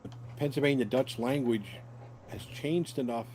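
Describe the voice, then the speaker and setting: An American man with a mellow, warm tone who chats in an animated way. Light laughter runs through his storytelling. Faint keyboard typing can be heard behind him. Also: mid-range voice, normal speed, slight background noise, poor audio. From United States. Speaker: player. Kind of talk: casual chat.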